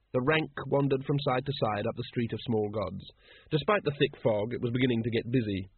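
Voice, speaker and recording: A man reading an audiobook in an expressive, wry narrating voice. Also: mid-range voice, husky, no room sound. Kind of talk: scripted narration. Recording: dry, narrow phone-like sound.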